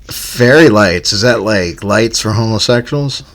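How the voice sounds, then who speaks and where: A man's voice: fairly low pitch, measured pace, fairly bright tone. A man hosting a comedy podcast, hesitant and stammering, cracking jokes as he talks. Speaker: podcast host.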